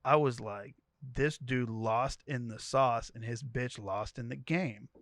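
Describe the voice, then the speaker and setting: A man's voice: medium pitch, slow pace, a bit bright, dry recording. A man co-hosting a podcast, reading a profane story thread aloud and quoting each character in turn. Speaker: podcast co-host.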